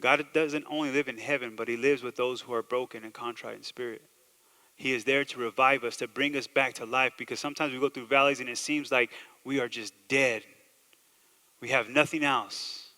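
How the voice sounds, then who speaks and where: Preaching pastor in a reverberant hall. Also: male voice, medium pitch, fairly even intonation, moderate pace. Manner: preaching with rising emphasis and quiet asides. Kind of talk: sermon. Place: church sanctuary.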